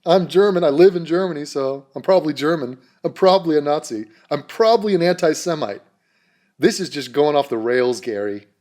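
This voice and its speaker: A man's voice: on the high side, fairly quick, darkish tone. A man delivering a mocking, sarcastic vlog rant straight to camera. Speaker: YouTuber.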